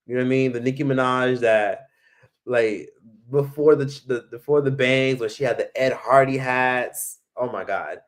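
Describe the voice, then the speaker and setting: A man's voice: medium pitch, normal speed. Chatty man hosting a live stream. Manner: chatty, swears freely, reads viewer comments aloud. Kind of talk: casual live stream chat.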